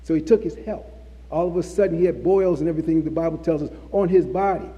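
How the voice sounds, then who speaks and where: A man's voice: on the high side, fast talker, mellow, dull audio. A man preaching a sermon, repeating phrases for emphasis. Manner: repetitive, emphatic preaching with restarts. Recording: long hall reverb.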